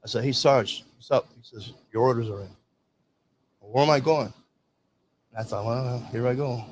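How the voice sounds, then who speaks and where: A man's voice: mid-range voice, moderate pace, slight background noise. Older man telling army stories. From Michigan. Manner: rambling storyteller, acts out quoted dialogue. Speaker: veteran guest. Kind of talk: casual storytelling.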